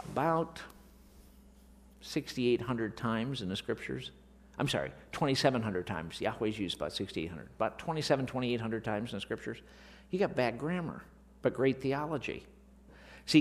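A man teaching scripture from the pulpit of a large hall, his voice swinging up and down with lively emphasis. He keeps throwing rhetorical questions at the congregation, and his words ring out with a long echo. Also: medium pitch. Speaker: Bible teacher. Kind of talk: sermon-style Bible lesson.

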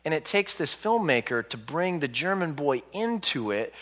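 40s guy giving a lecture, bright voice, lively storyteller, big hall reverb. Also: fairly high pitch, normal speed. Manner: animated storytelling, acting out quoted reactions. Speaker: public speaker and author. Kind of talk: lecture to a live audience.

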